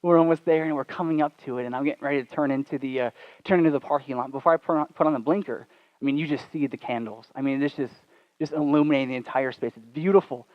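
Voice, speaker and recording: A man pastor telling a story in a sermon at church, animated and poking fun at himself. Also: mid-range voice, fast talker, no echo. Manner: animated, self-deprecating humor. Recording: dull, dry sound.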